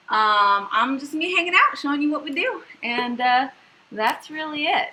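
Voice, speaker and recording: A woman's voice: fairly high pitch, bright, forceful tone, slight background noise, poor audio. A young woman hosting a home baking livestream from her kitchen, chatty and bubbly, laughing easily. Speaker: home cooking livestream host. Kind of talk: casual livestream chat.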